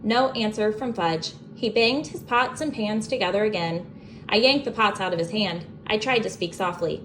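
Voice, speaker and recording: A young adult woman reading a children's book aloud as a bedtime story, expressive and animated. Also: medium pitch, normal speed, slight background noise.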